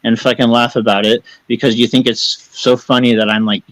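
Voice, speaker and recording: Worked-up guy ranting defensively, cussing nonstop, mid-pitched voice, dead dry sound. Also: little pitch movement, a little fast, no echo, rough recording. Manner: agitated, defensive, heavily profane, rambling. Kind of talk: heated live-stream talk.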